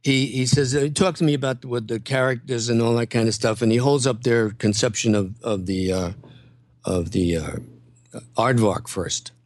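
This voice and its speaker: An older male comedian and impressionist, a guest telling animated stories and slipping into voices. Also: mid-range voice, normal speed. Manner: lively storyteller who slips into voices.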